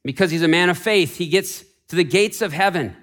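A man preaching a Sunday sermon in a church sanctuary, shifting between raised, urgent declarations and hushed, pleading passages. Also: sits high, brisk. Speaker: pastor.

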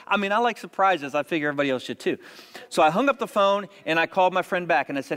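A man with a somewhat high voice preaches to a congregation, telling his story like a chat with friends before building to emphatic appeals. His words ring out with the long reverb of a large church hall. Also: fairly quick, a bit bright. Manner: conversational, rising to emphatic exhortation. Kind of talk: sermon storytelling.

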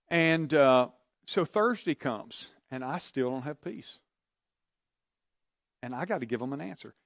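A man's voice: medium pitch, animated, a little slow, fairly bright tone, dry recording, studio quality. A man preaching a sermon, telling a personal story in an earnest, confiding way and acting out his own prayers and conversations. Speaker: pastor.

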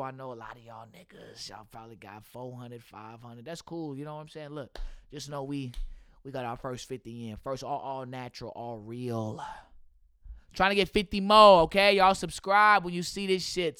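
A man's voice: medium pitch, moderate pace, sharp tone, clean tone, no room sound, studio quality. A young man hosting a casual podcast, talking loosely and profanely about his work as a substitute teacher and laughing often.

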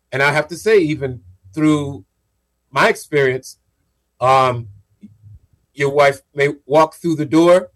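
A man co-hosting a radio talk show, explaining ideas in a measured, casual way. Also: mid-range voice. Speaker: radio co-host.

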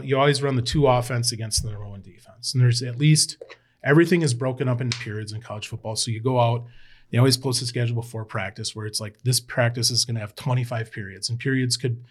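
Male guest recounting old sports days: loose, rambling, animated storyteller with mid-range pitch. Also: fast talker. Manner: rambling, animated, swears freely. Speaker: podcast guest, former college football player. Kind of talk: casual storytelling chat.

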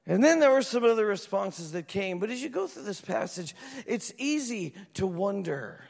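Pastor, male, high voice, lively storytelling sermon, long hall reverb. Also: moderate pace, vocal fry. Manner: animated storytelling, acts out voices.

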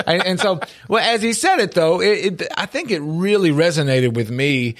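A man's voice: on the high side, fairly quick, few pauses. Middle-aged man telling a story. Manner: storytelling, animated, repeats words when starting sentences. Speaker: podcast co-host. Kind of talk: casual faith and life talk.

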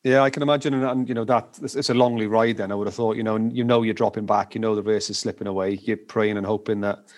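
A man's voice: fairly low pitch, fairly even intonation, quick pace, few pauses, a little mellow. A man hosting a casual interview, asking chatty, empathetic questions. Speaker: interview host.

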